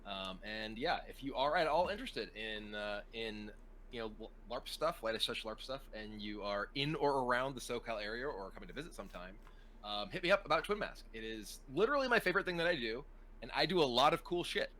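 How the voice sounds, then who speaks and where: A man's voice: medium pitch, lively intonation, a little fast, bright, forceful tone, slight background noise, low-quality recording. A man from the United States talking as a podcast guest in a rambling way, full of "like" and restarts. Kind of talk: casual chat.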